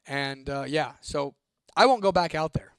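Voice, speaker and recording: A young man tells his viewers a spooky story, swearing freely and keeping it lively. His voice sits a little high for a man, and the sound is dry and close with no room echo. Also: a little slow, smooth. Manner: profane, animated, reads a viewer comment aloud. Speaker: host.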